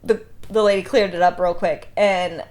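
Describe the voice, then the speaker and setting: A young woman casually recapping a novel, chatty and animated, often acting out the characters' lines with lots of "like". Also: fairly low pitch, normal speed. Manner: chatty, animated retelling with lots of "like" and acted-out quotes. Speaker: book reviewer.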